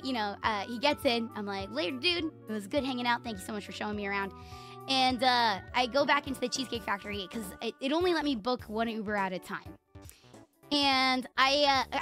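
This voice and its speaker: A woman streamer telling a story to her chat in a rambling, animated way, laughing often and swearing freely. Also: a little high. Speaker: VTuber streamer.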